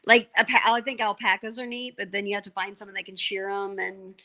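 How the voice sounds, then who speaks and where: A woman's voice: medium pitch, steady tone, fast, sharp tone, rough recording. A woman chatting casually as a podcast guest, laughing often and trailing off into "I don't know". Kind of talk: casual chat.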